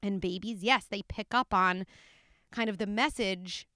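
A woman who is an expert guest on a podcast, giving careful, measured explanations. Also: medium pitch, sharp tone, smooth, dry recording, studio quality. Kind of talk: conversational interview.

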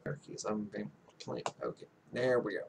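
A man casually commentating a game he is playing, soft-spoken and rambling, making fun of himself. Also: lowish voice, steady tone, moderate pace, creaky, background noise. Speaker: gaming YouTuber. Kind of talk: casual let's-play commentary.

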